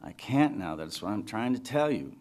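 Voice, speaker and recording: An author reading fiction aloud, voicing a tired, reluctant woman who works a phone-sex line, in a flat manner. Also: on the low side, normal speed. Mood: weary.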